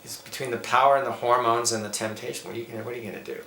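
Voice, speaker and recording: Middle-aged male yoga teacher, forceful and preachy, low-ish voice, echoey room. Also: steady tone, racing. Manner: emphatic, preachy, lists points. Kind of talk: spiritual interview talk. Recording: echoey room with faint background noise.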